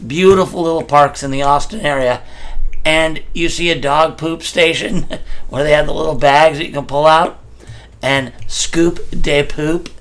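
A man's voice: on the high side, moderate pace, a bit bright. A man, co-hosting a casual podcast chat, joking and teasing, swearing freely. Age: 50s. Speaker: podcast co-host.

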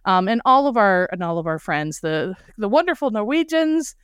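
A woman's voice: medium pitch, sing-song, moderate pace, clean tone, no room sound, clean studio sound. Gushing woman podcast host. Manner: effusive and gushing, with frequent laughs. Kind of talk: casual podcast chat.

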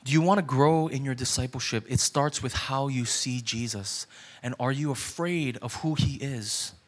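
A man's voice: medium pitch, moderate pace. A man in his thirties, a pastor preaching a sermon in a conversational way that builds to urgent, repeated questions.

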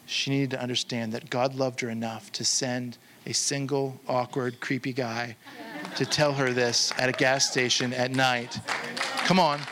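A man preaching a sermon as pastor, telling a story with animated quoted voices and slowing to a hushed close. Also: crowd noise, noisy background. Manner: animated, acts out quoted voices with sudden high jumps; drops to slow, hushed delivery for the closing appeal.

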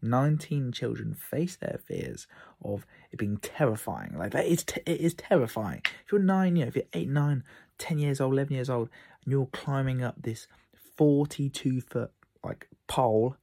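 A man hosting a casual solo podcast from his room, an outdoor camp instructor telling animated stories and acting out the kids' voices. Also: mid-range voice, normal speed, creaky.

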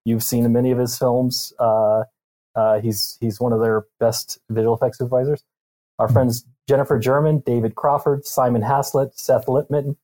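A middle-aged man, a visual effects artist, telling stories as a podcast guest, halting with fillers. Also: medium pitch, dark tone. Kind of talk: casual chat.

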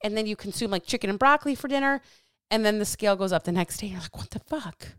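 A woman's voice: mid-range voice, quick pace, clear, resonant tone, no echo, studio quality. A woman hosting a solo podcast as a coach, talking bluntly with plenty of swearing and getting heated up. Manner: blunt, profane, fired-up; animated with hands.

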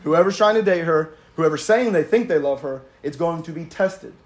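A man's voice: on the high side, moderate pace. A man giving casual sermon-style teaching, conversational and emphatic, often laughing between his points. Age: adult with a young daughter. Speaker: Bible teacher.

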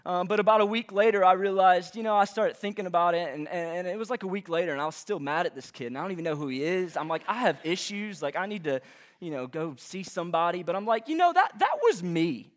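Young man in his twenties, high voice, casual preacher, rambling and self-deprecating. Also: lively intonation, fast. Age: 20s. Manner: chatty, self-deprecating, many fillers like "like" and "um". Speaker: young adult ministry speaker. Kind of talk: casual sermon opening with stories and announcements. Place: church auditorium before a live audience.

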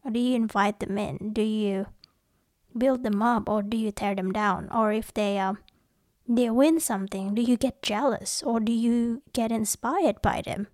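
A woman's voice: on the high side, fairly even intonation, a little slow, darkish tone, no echo, clean studio sound. A young woman talking casually to her viewers, chatty and giggly, often acting out little scenes. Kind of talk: casual personal talk to viewers.

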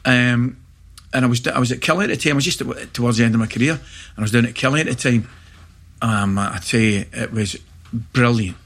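A middle-aged Scottish man, a former footballer, telling lively anecdotes in casual chat, often checking in with "right?". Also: mid-range voice. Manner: animated anecdotes, quick asides like "right?". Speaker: former footballer and pundit guest.

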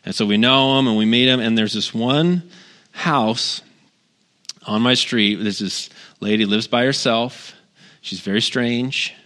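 A middle-aged pastor giving a casual, conversational sermon, telling personal stories with wry humor and lots of asides. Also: male voice, medium pitch, measured pace, fairly bright tone.

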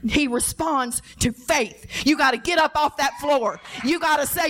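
A woman's voice: high voice, moderate pace, few pauses, fairly bright tone. A middle-aged woman preaching a sermon, impassioned, acting out pleading prayers and repeating her words. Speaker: preacher, pastor's wife.

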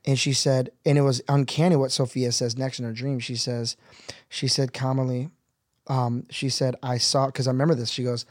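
A middle-aged man talks in an earnest, conversational storytelling voice at a middle pitch. He rises now and then into excited, laughing bursts. The sound is close and dry, with no room around it. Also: moderate pace, no echo. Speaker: guest.

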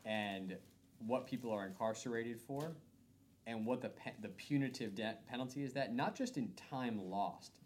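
A man's voice: mid-range voice, normal speed, a little hiss or hum. A man hosting a podcast, reflecting thoughtfully in casual conversation. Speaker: podcast host.

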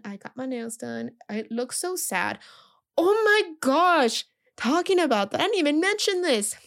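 A young woman and teacher telling a chatty, casual story with lots of fillers. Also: a little high.

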